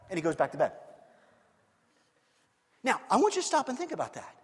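A man preaching a sermon, animated and acting out scenes with shifting voices. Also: very high-pitched, fairly quick, pauses often, big-room sound. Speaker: pastor.

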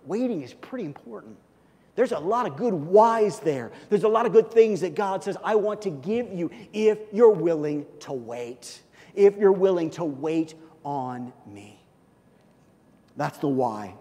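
A male pastor delivers a sermon with a fairly high voice, acting out scenes as he goes. He swings between loud, lively bursts and near-whispered asides. His voice carries a long reverb from a church hall. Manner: animated, acts out scenes with big swings in loudness.

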